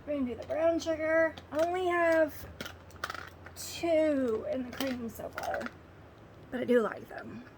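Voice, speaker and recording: A woman chatting casually through a makeup routine at home, murmuring soft comfort to her dog between steps. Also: high-pitched, unhurried, noisy background. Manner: chatty, with quiet soothing asides to a dog. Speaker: makeup vlogger. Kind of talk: casual makeup tutorial chat. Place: indoors at home, sitting on a bed. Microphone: phone.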